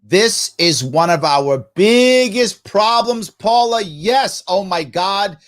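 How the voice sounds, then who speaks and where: A middle-aged man hosting a live ask-me-anything stream, answering viewer comments in an animated, preachy way and acting out little imagined dialogues. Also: sits high, slow pace. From New York. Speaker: livestream Q&A host.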